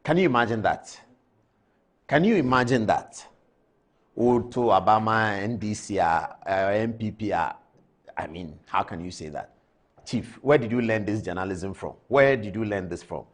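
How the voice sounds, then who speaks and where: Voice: mid-range voice, expressive, moderate pace. A TV show host with a Ghanaian accent, giving live commentary and lecturing with repeated rhetorical questions.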